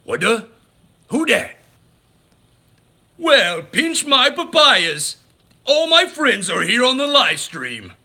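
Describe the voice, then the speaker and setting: A man voicing a gruff, bullying male cartoon cat villain in a loud, boastful, taunting manner, as an impression on a livestream. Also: very high voice, big pitch swings, slow pace, pauses often, voice pushed up, full character voice.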